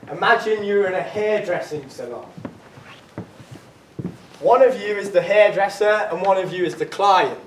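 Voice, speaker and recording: A man's voice: sits high, normal speed, pauses often. A man leading a drama workshop, giving upbeat, encouraging instructions to his class. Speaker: drama teacher. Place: drama studio. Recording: echoey room, distant mic, faint noise.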